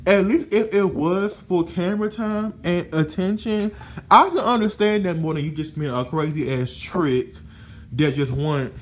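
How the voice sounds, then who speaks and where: A man with a fairly high voice recapping a reality show episode in a loose, gossipy way. He swears freely, stops for "um" and "you know", and swings between disbelief and amusement. A faint hiss sits under the recording. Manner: animated, profane, gossipy, many fillers. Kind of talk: casual episode review.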